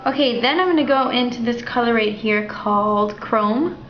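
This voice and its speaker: A young woman walking through a makeup tutorial in a chatty, relaxed way at home. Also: fairly high pitch, moderate pace, a little hiss or hum. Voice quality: chatty, relaxed, thinking aloud. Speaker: beauty vlogger. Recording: dull, slightly roomy home recording.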